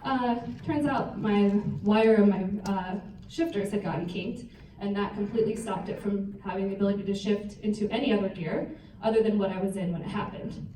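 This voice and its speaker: A young woman speaking at a retreat, telling a personal story to an audience in a lively, self-mocking way. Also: mid-range voice, a little fast, few pauses, slight background noise. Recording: roomy hall, voice picked up from a distance.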